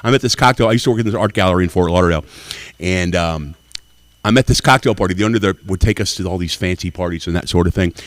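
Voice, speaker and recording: A man's voice: low-pitched, quick pace, dry recording. A man in his sixties from Tennessee, doing brash, profane stand-up at an open mic. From Nashville, Tennessee. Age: 60s. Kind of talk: stand-up comedy.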